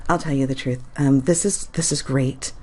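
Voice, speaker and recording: A woman's voice: rumbling low, fairly even intonation, normal speed, mellow. A woman making a casual reaction video, reading comments aloud with sarcasm and frequent giggles.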